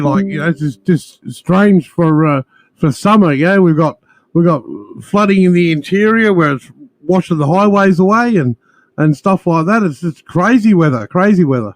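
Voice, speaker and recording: A man's voice: on the high side, normal speed, no room sound. An Australian man in casual chat, rambling with frequent stammers and restarts, calling everyone mate. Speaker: guest caller.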